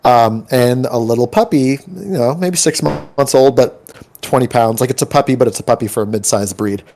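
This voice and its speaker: A man talking casually with friends before a tabletop game, his voice sitting at an average pitch. He rambles through anecdotes, leaning on likes, ums and restarts. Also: fairly quick, a little mellow, a little hiss or hum. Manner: rambling storyteller, many likes and ums, acts out quoted voices.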